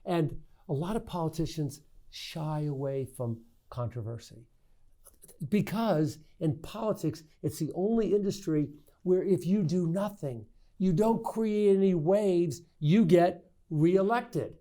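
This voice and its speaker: A man's voice: sits high, a little slow. A middle-aged man, a state senator, telling family stories in a candid interview, stammering and restarting as he goes. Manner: animated anecdotes, frequent restarts and stammers. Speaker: state senator, podcast guest.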